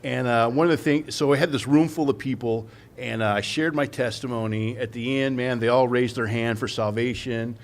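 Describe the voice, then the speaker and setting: Animated Californian man telling stories live. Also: mid-range voice, normal speed, few pauses. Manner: animated storytelling, acts out quotes. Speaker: guest speaker in recovery. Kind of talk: live podcast conversation. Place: coffee house with live audience.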